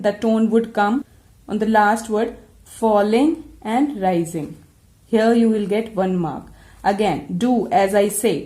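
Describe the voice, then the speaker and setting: A woman's voice: fairly high pitch, mellow. Echoey-voiced woman teaching English. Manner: patient, explains step by step. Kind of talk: classroom lecture.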